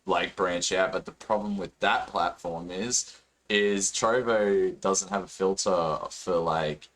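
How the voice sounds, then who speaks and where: A man's voice: deep voice, steady tone, takes it slowly, a bit bright. An Australian man hosting a podcast, talking casually with lots of fillers and the odd swear word. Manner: rambling, filler-heavy, swears freely. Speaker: podcast host and streamer. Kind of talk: casual chat.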